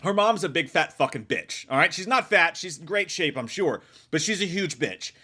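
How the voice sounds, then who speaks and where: A man's voice: a little high, normal speed, husky. A man giving a casual spoiler review of a film, rambling and swearing freely. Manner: profane, rambling, animated. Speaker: movie reviewer.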